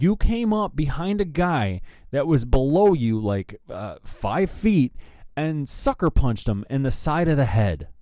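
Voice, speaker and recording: A man's voice: fairly high pitch, a little mellow, no echo. A man hosting a rock news show, ranting angrily and swearing heavily about a band. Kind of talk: profane opinion rant.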